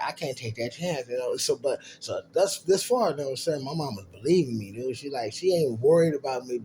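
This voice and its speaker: A man tells a long story in a loose, profane way and jumps into the voices of the people in it as he goes. His voice sits at a middle pitch for a man. There is a faint hiss of noise under the recording. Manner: profane, animated storyteller acting out others' lines. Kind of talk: casual storytelling.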